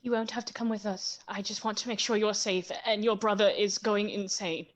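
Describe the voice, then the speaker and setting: A woman's voice: mid-range voice, steady tone, a little fast. A woman playing a tabletop role-playing game, chatty and pleading in character. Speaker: player. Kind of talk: tabletop role-play, mixing in-character lines and narration.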